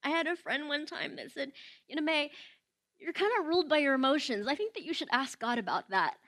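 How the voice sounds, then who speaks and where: A young woman with a somewhat high voice speaks to a prayer gathering. She preaches in a candid, openly emotional way, weaving personal stories into her sermon. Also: fairly quick, fairly bright tone. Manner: emotional, laughing and candid, conversational storytelling.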